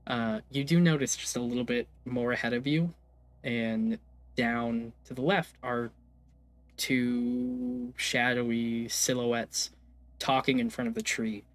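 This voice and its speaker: Game master, male, casual narrator, fillers and restarts, mid pitch. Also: fairly even intonation, takes it slowly. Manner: hesitant, lots of fillers, casual swearing.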